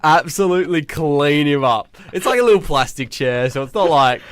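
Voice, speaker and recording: Young man, podcast co-host, chatty and animated, quotes people in put-on voices, dry close sound with no room echo. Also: on the high side, normal speed. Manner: animated storyteller acting out quotes. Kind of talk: casual chat.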